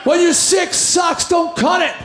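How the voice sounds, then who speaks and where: A man fronting a band, telling a loud, energetic story to a crowd from a car show stage before a song, in an echoey live recording with music behind. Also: very high-pitched, a little slow.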